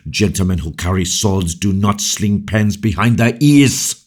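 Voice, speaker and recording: A man voicing a proud, angry musketeer captain speaking forcefully and with indignation. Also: lowish voice, unhurried, voice pushed up. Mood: indignant.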